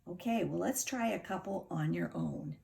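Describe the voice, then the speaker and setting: A middle-aged woman teaching a phonics lesson to young children, sounding out words slowly and patiently. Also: on the low side, wildly swooping pitch, creaky, a little mellow. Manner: slow, patient, over-articulated sounding out.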